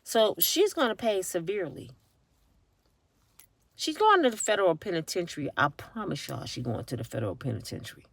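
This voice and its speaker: A woman's voice: fairly low pitch, sing-song, a little fast, vocal fry, no room sound. A middle-aged woman talking straight to her viewers in a casual vlog, emphatic and tired, from a parked car. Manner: emphatic, talks directly to viewers. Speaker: vlogger.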